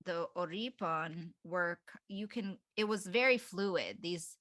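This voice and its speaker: Bright-voiced woman podcast co-host. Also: on the low side, slow, no echo, clean studio sound. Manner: reads passages aloud with hesitant fillers. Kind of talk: casual book club chat.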